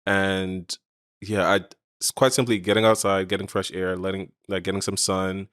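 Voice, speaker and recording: Young guy from saint croix, deep smooth voice, easygoing chat, dry sound. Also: flat delivery, moderate pace, fairly bright tone, no echo. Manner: easygoing, laughs often, hesitant with ums. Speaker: guest. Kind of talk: casual chat.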